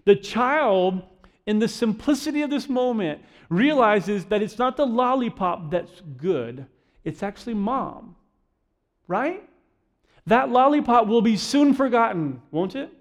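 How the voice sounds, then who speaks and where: A middle-aged man preaching a sermon in a casual, conversational way, often checking in with a quick "right?". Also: animated. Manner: conversational, keeps asking the crowd "right?"; acts out quoted voices, dropping softer and lower. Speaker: pastor.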